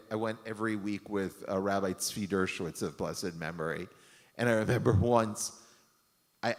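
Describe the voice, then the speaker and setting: A low-voiced man talks as a rabbi, telling a story in a loose, rambling way. He uses lots of fillers and corrects himself as he goes. His voice carries the long reverb of a synagogue hall. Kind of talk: casual storytelling talk.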